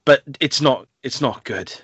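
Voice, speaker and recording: Male podcast co-host, animated and giggly, close dry mic with a dull tone. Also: medium pitch, a little slow, breathy edge, no room sound. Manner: animated, laughing, does voices in quotes. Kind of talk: casual film chat.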